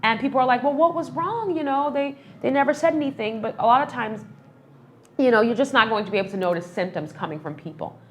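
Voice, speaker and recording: A woman's voice: a little high, expressive, fast talker, slight background noise. A woman hosting a casual entertainment news show, talking in a heartfelt, chatty way with lots of fillers.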